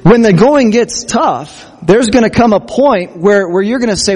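A man's voice: high-pitched, lively intonation, moderate pace, few pauses, darkish tone, long reverb tail. A man preaching a sermon as pastor, earnest, acting out quotes from scripture. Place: church.

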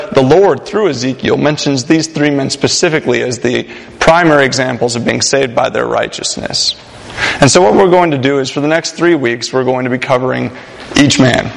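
A man's voice: medium pitch, creaky. A young man preaching a sermon in a church, casual and joking with many fillers. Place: church sanctuary. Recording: long hall reverb.

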